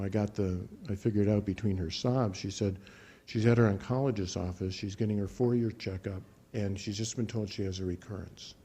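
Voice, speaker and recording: A man working as a clinician who teaches relaxation imagery, telling a patient's story in a calm, measured way with frequent restarts. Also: lowish voice. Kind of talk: spoken teaching talk with a case story.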